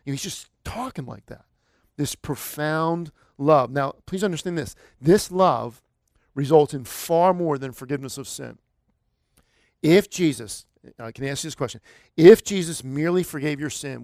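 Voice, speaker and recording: A man delivering a sermon with a slightly high voice, talking to the congregation like a conversation and then pushing up into emphatic peaks. The sound is dry and close, with no room echo. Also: moderate pace, creaky, darkish tone. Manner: conversational preaching, rising to emphatic bursts. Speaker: pastor.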